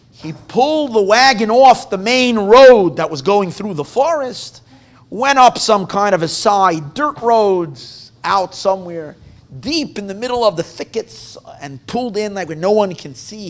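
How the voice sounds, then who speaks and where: A male rabbi telling a story at a live gathering in an animated, conversational way, often breaking off and restarting his sentences. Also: sits high. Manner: animated, conversational, self-interrupting.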